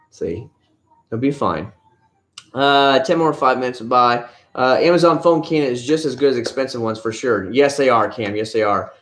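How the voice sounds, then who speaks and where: A man's voice: medium pitch, normal speed, a bit bright. A man hosting a casual live stream from home, rambling easily about cars and answering viewer chat one comment at a time. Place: at home, family nearby. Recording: roomy echo.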